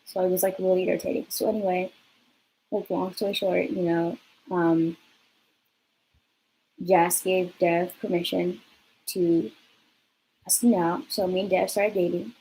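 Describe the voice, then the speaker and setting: A woman's voice: fairly low pitch, flat delivery, a little slow, long pauses, warm tone, a little hiss or hum, poor audio. Blunt, chatty young woman vlogger. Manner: chatty, blunt, swears freely. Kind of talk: casual storytime vlog.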